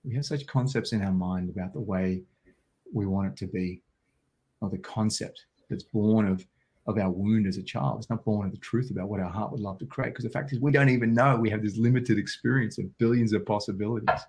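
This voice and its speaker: A man's voice: lowish voice, brisk, darkish tone. An Australian man telling a personal story as an interview guest, vivid and intense, acting out quotes.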